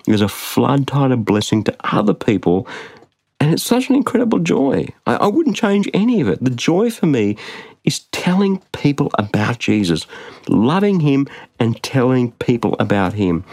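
A man's voice: medium pitch, darkish tone, no echo. A man preaching a sermon, emphatic, repeating phrases and asking rhetorical questions.

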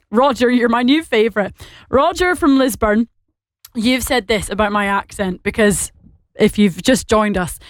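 A woman's voice: medium pitch, no room sound, clean studio sound. A woman with a Scottish accent presenting live radio, chatting casually and laughing often as she reads listener comments.

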